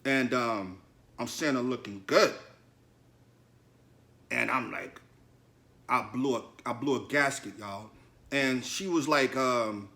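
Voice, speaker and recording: In a slow, mid-range voice with vocal fry and long pauses, a podcast host recounts something from his own life. His tone is sharp, and he speaks bluntly and confessionally, in slang, straight to his listeners.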